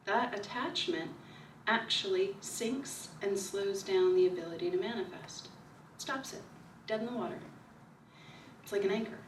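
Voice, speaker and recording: A woman giving a calm, repetitive spiritual talk at her book signing, slowing down to stress key ideas. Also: medium pitch, slight background noise. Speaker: author speaking at a book signing. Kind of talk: spiritual talk to a small audience. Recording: echoey room recorded from far off.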